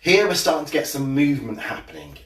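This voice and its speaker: A man's voice: a little high, quick pace, reverberant, recorded from a distance. Chatty man leading a home exercise class. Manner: chatty, jokey greetings to viewers, then steady cueing. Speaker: fitness instructor. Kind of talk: live-streamed exercise class. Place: home room.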